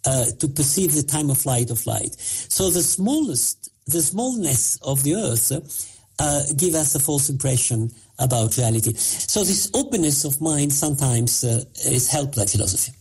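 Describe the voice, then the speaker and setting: Husky-voiced man explaining with many pauses. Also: medium pitch, expressive, dark tone. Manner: halting, many fillers, explanatory. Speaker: physicist guest. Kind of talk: interview answers.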